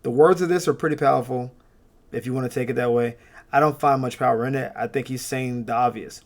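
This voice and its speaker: Male host, mid-pitched, animated and opinionated, casual sports commentary full of fillers. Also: a little fast. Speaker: sports fan channel host.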